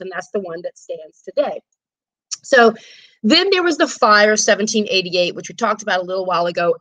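A woman tour guide telling history stories in a chatty, animated way on a live stream, acting out quotes as she goes. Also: mid-range voice, dry recording, poor audio. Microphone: phone or camera on a live stream.

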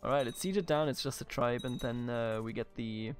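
A man's voice: mid-range voice, brisk, soft background music. A man from Bavaria with a German accent, casually commenting on a strategy game he plays, swearing, laughing and talking to the game's characters. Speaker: let's play host.

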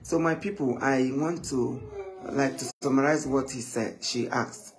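A man telling stories in a casual live chat, animated and often quoting others. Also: medium pitch, a little slow, a crowd in the background. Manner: animated, switching between English and Igbo, quoting others.

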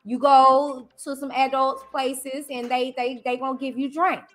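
A woman YouTuber hosting a livestream commentary, talking in an animated, emphatic way and repeating phrases. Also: sits high, measured pace. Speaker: YouTuber host.

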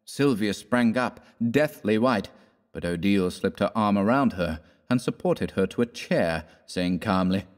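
A man narrating a classic story in a measured, theatrical reading, giving the characters their own voices. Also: on the low side, lively intonation. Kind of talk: scripted audiobook narration.

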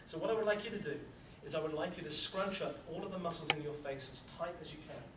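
A man with a slightly higher voice leads a workshop, coaching listeners through tensing and relaxing and repeating each instruction. He stands some distance from the mic, so his voice comes across roomy and echoey, with loud noise underneath. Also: fast. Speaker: sports psychology presenter. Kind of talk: live workshop talk with guided exercise. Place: lecture room with a live audience.

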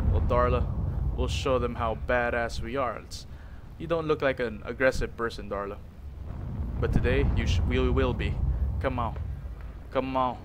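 Excitable young gamer man commentating. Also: mid-range voice, a little slow, noisy background. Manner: excitable, jokey, talks to his character. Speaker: gaming YouTuber. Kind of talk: let's play commentary.

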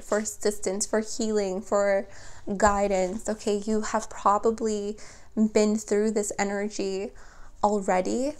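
A woman's voice: mid-range voice, a little mellow. A woman giving a spoken tarot reading, chatty and earnest as she talks straight to her viewers. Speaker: tarot reader.

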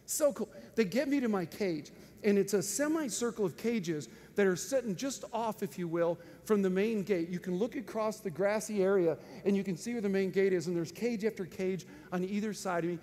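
A man preaching with an animated storytelling manner, laughing often and breaking into sudden loud outbursts. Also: high-pitched, normal speed, few pauses. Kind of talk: storytelling sermon. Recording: faint noise and long hall reverb.

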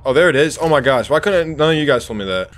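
A man with a fairly high, animated voice talks at a quick pace over slight background noise as he streams a horror game. He jumps at things, swears, yells when spooked and chats with his audience.

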